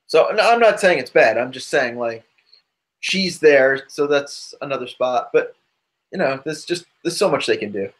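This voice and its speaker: A man's voice: mid-range voice, expressive, normal speed. A man co-hosting a podcast in casual chat, rambling and loose, full of asides. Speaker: podcast co-host.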